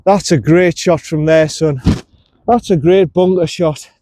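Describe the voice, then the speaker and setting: A golf vlogger chats casually to the camera while playing a round outdoors, coaching himself between shots. His voice is a little high and warm, with a measured pace and no echo.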